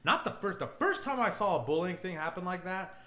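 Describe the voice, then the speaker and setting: Profane, animated young man telling a story. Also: sits high, fairly quick. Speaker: podcast host. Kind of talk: casual storytelling chat. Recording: roomy echo, faint background noise.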